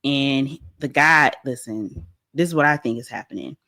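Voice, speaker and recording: A young adult woman hosting a pop-culture commentary show, animated and blunt, acting out quotes as she goes. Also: rumbling low, normal speed. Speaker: host.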